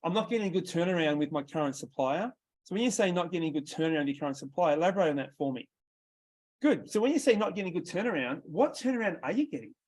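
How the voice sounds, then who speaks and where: Aussie guy sales trainer, bit high pitched, quizzing the room, punchy. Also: rapid-fire. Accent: Australian. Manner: direct, quizzing, animated. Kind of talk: coaching a sales workshop.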